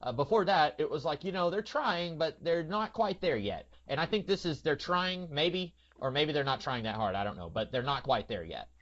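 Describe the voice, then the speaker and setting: A man's voice: fairly high pitch, animated, normal speed, hardly any pauses, fairly bright tone. A man hosting a casual podcast, rambling with lots of fillers and now and then slipping into a put-on voice. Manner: rambling, many fillers, slips into character voices. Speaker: podcast host. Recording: dull lo-fi sound.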